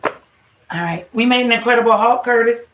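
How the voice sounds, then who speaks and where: A woman's voice: on the high side, moderate pace, a bit bright. A woman hosting a casual home cooking livestream, chatting straight to her viewers with a salty, easygoing manner. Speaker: home cooking show host and mother. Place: home kitchen. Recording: echoey room, voice from a distance, faint noise.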